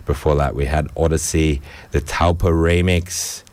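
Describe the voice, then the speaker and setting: An Australian man hosting a casual radio show, back-announcing tracks in a rambling way, clearing his throat often. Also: a bass voice, fairly even intonation, a little mellow. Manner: slow, rambling, frequent ums and throat clearing. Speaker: radio host. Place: radio studio. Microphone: studio microphone.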